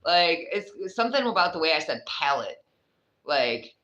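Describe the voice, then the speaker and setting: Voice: mid-range voice, big pitch swings, normal speed, bright, forceful tone, highs cut off. A speaker with a New York accent giving a casual, rambling tarot reading, chatty and swearing freely. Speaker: tarot reader.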